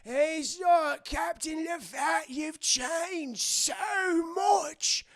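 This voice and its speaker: A man voicing an ancient, half-blind male rat cabin boy who doddles and shouts in drawn-out, shrill phrases. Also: full character voice. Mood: excited.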